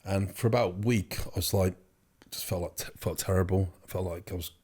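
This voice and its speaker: A man's voice: sits low, fairly even intonation, fairly quick, darkish tone, husky. A young man telling his story as an interview guest, rambling with many fillers and restarts. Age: young adult. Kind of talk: casual storytelling.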